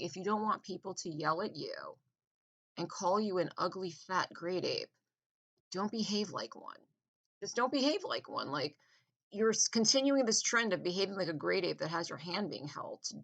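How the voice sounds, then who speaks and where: Bright-voiced woman ranting with contempt. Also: medium pitch. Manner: contemptuous, rambling, repeats herself. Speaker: vlogger. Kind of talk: ranting monologue.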